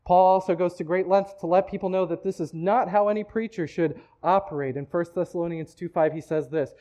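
A man's voice: high voice, fairly even intonation, fairly quick, mellow, lo-fi sound. A man preaching a sermon in a church, talking in a conversational way with frequent restarts. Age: adult, married. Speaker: pastor.

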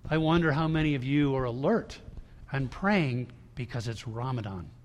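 Speaking at normal speed in an expressive, medium-pitched voice, a pastor addresses his congregation in a conversational sermon. His delivery features frequent restarts and emphatic quoted lines, with a long hall reverb around him.

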